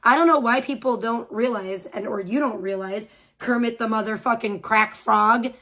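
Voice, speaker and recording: A woman's voice: a little high, moderate pace, a bit bright. A woman live streamer ranting crudely, hurling insults and rambling on. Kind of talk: profane livestream rant.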